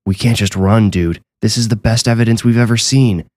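A man's voice: fairly low pitch, fairly even intonation, a little fast, darkish tone, no room sound, voice pushed up, natural voice. A man voicing an eager young male ghost hunter in a horror story, pleading insistently. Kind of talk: audiobook horror reading.

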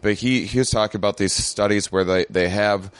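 A man's voice: on the low side, fairly even intonation, fairly quick, clear, resonant tone, dry recording. A man who is a comedian guest in casual chat, laid-back and explanatory, swearing freely.

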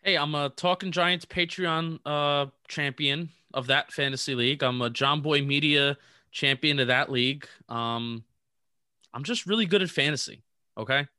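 A man's voice: a little high, moderate pace, pushed and bright, clear, resonant tone, dry recording, clean studio sound. A man co-hosting a casual sports podcast over a video call, playful and a little rambling. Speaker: podcast co-host.

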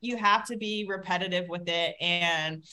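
A woman's voice: lowish voice, moderate pace. A woman chatting casually about parenting, talkative and full of fillers. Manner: chatty, lots of fillers, animated retelling. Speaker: podcast co-host, parent. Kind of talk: casual chat.

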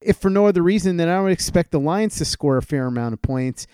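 A man's voice: on the high side, expressive, fast talker, mellow, smooth, no echo, studio quality. A man hosting a sports talk show, giving a methodical rundown of team news and asking his guest questions. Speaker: sports podcast host.

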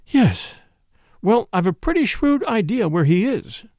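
A bossy, opinionated middle-aged gossip who lectures everyone at the table, as a male reader puts her on. Her voice sits high and swoops widely in pitch. The reading is close and dry. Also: sing-song, unhurried, a little mellow, no room sound. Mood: eager. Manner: insistent, lecturing.

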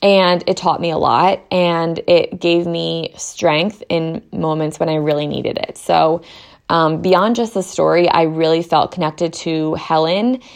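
A woman's voice: low voice, fairly even intonation, unhurried, vocal fry. A young woman chatting casually to camera as a book reviewer, talking in an exasperated, rambling way with lots of fillers.

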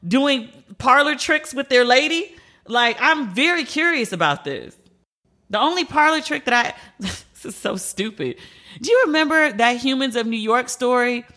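Animated bright-voiced American woman podcaster. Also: a little high. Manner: candid, animated storytelling with slangy asides. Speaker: podcast host. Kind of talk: casual solo podcast chat.

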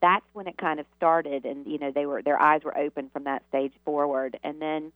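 A woman's voice: sits low, fairly even intonation, normal speed, no room sound. A woman from the Southern United States, a guest telling long, rambling stories with many fillers and restarts. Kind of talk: storytelling interview answers. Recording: tinny phone line.

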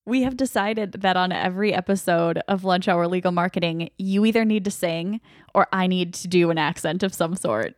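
A woman's voice: on the low side, normal speed, no echo, clean studio sound. A woman co-hosting a podcast in casual, playful chat. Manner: chatty, playful and laughing. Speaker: podcast co-host.

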